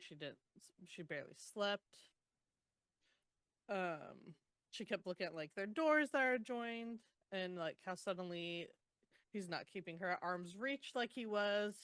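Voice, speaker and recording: A woman co-hosting a podcast, casually retelling book chapters with groans, laughs and animated quotes. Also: medium pitch, clear, resonant tone, dry recording. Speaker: podcast co-host. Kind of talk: casual book recap chat.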